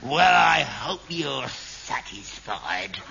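A man's voice: mid-range voice, big pitch swings, very slow, gravelly, lo-fi sound, background noise, heavily acted. An actor playing a selfish, cantankerous elderly father, grumbling and blunt, in an old sitcom recording. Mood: self-pitying. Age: older. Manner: grumbling and self-pitying, blunt.

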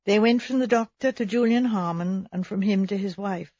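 A woman reading a story aloud in measured, even narration. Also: medium pitch, no echo. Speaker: audiobook reader. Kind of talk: scripted narration. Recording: slightly dull recording.

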